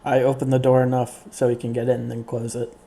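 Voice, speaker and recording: A man plays a tabletop game and speaks hesitantly, with frequent stammers. His voice is mellow and dark, and his pitch stays flat. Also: fast, vocal fry. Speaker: player.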